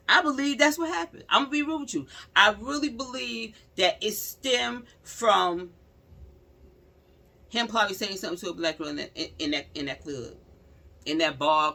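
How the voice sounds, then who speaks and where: A woman giving blunt, slangy true-crime commentary straight to her viewers, repeating phrases for emphasis. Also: medium pitch. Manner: talks straight to viewers, animated. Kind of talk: casual spoken commentary.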